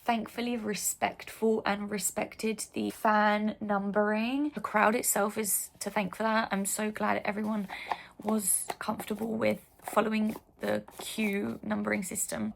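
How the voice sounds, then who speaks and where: A woman's voice: mid-range voice, gravelly. A young woman vlogging in a casual, gushing way, full of "like" and fond asides. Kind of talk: casual chat.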